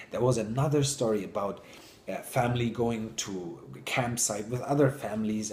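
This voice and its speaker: A man telling stories to an audience in an enthusiastic, animated way. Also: on the low side, reverberant, slight background noise. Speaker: public speaker. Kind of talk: storytelling talk to an audience.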